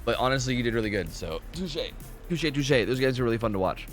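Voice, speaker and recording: A man's voice: medium pitch, fast, soft background music. A man hosting a live game stream, chatting casually and explaining match rules with lots of fillers. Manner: animated, rambling, full of fillers.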